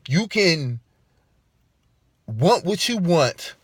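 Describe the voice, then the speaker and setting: Animated, profane man ranting dry. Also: a little high, very slow, husky, dry recording. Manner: emphatic, profane, repeats his points. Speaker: vlogger. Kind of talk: ranting monologue to camera.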